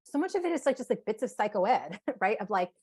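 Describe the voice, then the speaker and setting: A woman psychotherapist talking casually as a podcast guest, animated, acting out inner voices and saying "like" often. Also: on the high side, a little fast, slightly rough. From United States.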